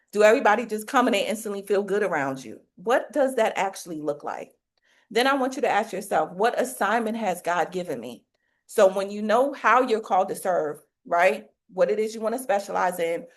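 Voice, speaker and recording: Preachy woman coach, folksy faith-filled talk. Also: mid-range voice. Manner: preachy, faith-filled, rhetorical questions, colloquial. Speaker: business coach for hairstylists.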